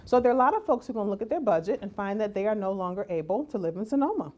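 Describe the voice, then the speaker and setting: A woman giving a lively conference talk as keynote speaker, often asking "right?" and acting out the voices she quotes. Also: mid-range voice, very fast, lo-fi sound. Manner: animated, acts out quoted voices, rhetorical "right?".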